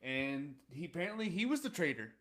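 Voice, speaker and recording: A young man co-hosting a podcast, recapping episode plots in a relaxed, casual way with frequent fillers. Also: fairly high pitch, fairly quick. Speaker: podcast co-host. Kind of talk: casual chat.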